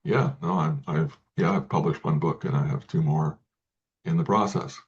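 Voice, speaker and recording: A man speaking as an interview guest, talking in halting sentences with many restarts and repeated words. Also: rumbling low, lo-fi sound. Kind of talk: casual interview talk.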